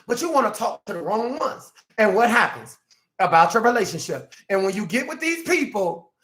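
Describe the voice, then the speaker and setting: High, bright-voiced preaching life coach man. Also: very animated, normal speed. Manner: preacherly, emphatic, swings from soft to shouting; acts out quoted speakers in exaggerated voices. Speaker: self-empowerment life coach. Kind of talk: preaching motivational talk.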